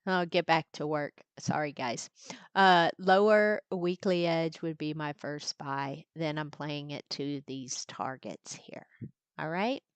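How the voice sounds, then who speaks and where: A woman's voice: low-pitched, slow, clean tone, dry recording. A woman who hosts a live trading stream, talking casually through her chart plans and stopping now and then to chat with people around her. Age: older. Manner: chatty, breaks off to talk with her granddaughter. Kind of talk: casual live market walkthrough. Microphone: desktop mic at a computer, screen sharing.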